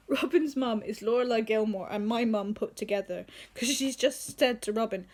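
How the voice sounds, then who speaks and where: A woman's voice: on the high side, low-quality recording. Bubbly, gushing woman vlogger. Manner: bubbly, gushing, quick to laugh. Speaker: book vlogger. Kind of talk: casual book vlog chat.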